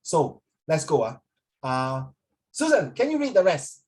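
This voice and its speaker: Rambling male English teacher, somewhat high-pitched, keeps checking in with the class and code-switches to Mandarin. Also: wildly swooping pitch, a little slow, darkish tone. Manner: rambling, often checks in with students; mixes in Mandarin phrases. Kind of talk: classroom lecture.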